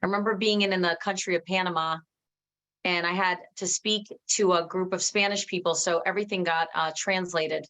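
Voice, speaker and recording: A woman giving an emphatic motivational training talk to her team, talking quickly and restarting often. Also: on the low side. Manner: energetic, emphatic, reads out viewers' comments.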